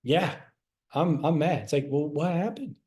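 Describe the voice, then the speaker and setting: A middle-aged man gives a relaxed class in a mellow, warm voice that sits a touch high for a man. He talks casually, restarts and repeats phrases, and slips into short acted quotes. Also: a little slow. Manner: conversational, repeats himself, acts out quoted lines. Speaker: health class presenter. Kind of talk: casual teaching talk.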